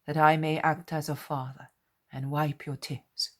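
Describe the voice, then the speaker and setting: A gentle but firm spiritual teacher speaks with fatherly tenderness and quiet authority, as a woman reader puts him on. The voice sits low and unhurried. A husky breathiness colors every word. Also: flat delivery. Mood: tender.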